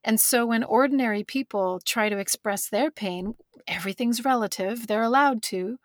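A woman's voice: a little high, moderate pace, dry recording. A woman talking candidly and thoughtfully in a conversation, restarting words as she thinks, close to tears. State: teary. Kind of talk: reflective conversation.

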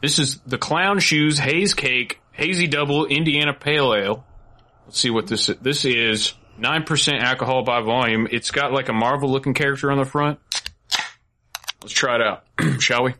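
A bright, forward-sounding man hosts a casual live stream. He talks loosely, jokes around and swears freely. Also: medium pitch, moderate pace. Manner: loose, profane, joking. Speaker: podcast host.

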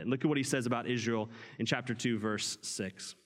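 A man's voice: medium pitch, a little fast, hardly any pauses. Man preaching in a reverberant hall. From United States. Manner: animated preaching, reads scripture then explains it. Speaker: pastor. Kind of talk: sermon.

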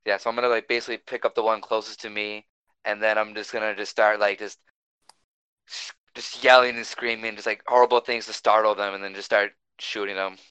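Bright-voiced man playing a tabletop game. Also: lowish voice, little pitch movement, brisk, clear, resonant tone, no echo, rough recording. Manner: casual, rambling with fillers. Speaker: player.

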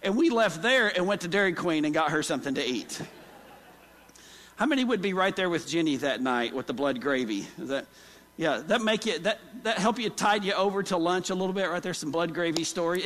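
High-voiced preacher in a reverberant church. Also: male voice, animated, a little fast, a bit bright. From Oklahoma. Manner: folksy storytelling, asks the congregation questions. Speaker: pastor. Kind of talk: sermon. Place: church sanctuary. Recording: long hall reverb.

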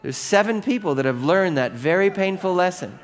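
A man's voice: sits high, lively intonation, brisk, slight background noise. A middle-aged male pastor preaching a sermon to his congregation in a conversational way, asking them questions and acting out the voices in his own stories. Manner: conversational, asks the congregation questions, acts out quoted voices in anecdotes.

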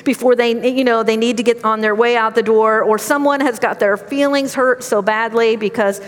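A middle-aged woman giving a sermon, telling personal stories in a conversational, animated way. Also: on the high side, moderate pace, long reverb tail. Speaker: preacher.

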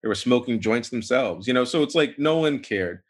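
A man, a podcast guest, telling a long personal story in a rambling, animated way, full of fillers and restarts. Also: medium pitch, normal speed. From United States. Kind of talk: casual storytelling interview.

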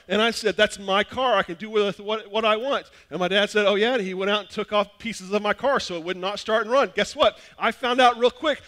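A high-pitched man, a pastor, preaches a sermon full of lively stories, swinging between loud bursts and hushed appeals.

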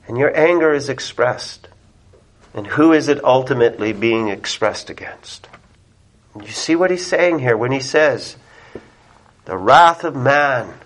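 A man's voice: mid-range voice, fairly bright tone. A man preaching a sermon in an earnest, emphatic way, often asking his listeners rhetorical questions. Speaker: pastor.

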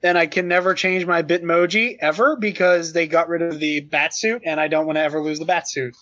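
A young man chatting casually on a podcast, telling a funny story with excitement and frequent laughter. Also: a little high, a little fast. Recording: slightly dull lo-fi sound.

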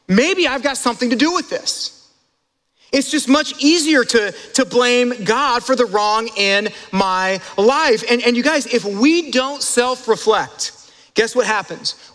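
A male pastor preaching a sermon in an animated way, talking straight to his congregation with quick asides and laughs. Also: very high-pitched, in a large hall.

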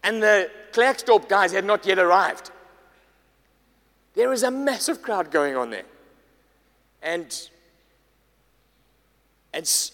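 A man, a pastor preaching a sermon, telling a story with lively acted-out dialogue. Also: high-pitched. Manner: animated, acts out quoted dialogue. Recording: long hall reverb.

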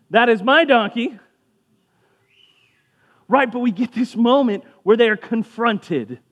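Pastor guy doing a laid back jokey sermon, high voice, does little voices for people in the story. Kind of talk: casual sermon.

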